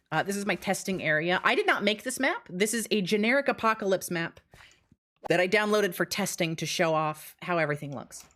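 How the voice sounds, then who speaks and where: Breathless, excited young woman streamer. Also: mid-range voice. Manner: animated, rushing, laughs between phrases. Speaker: streamer and game mode developer. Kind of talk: excited live-stream walkthrough.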